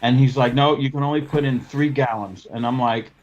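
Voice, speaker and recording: A man's voice: mid-range voice, steady tone, brisk. Profane storytelling podcast man, lo-fi sound. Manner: profane storyteller who acts out both sides of his arguments. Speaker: podcast co-host. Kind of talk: casual chat. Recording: dull lo-fi podcast audio.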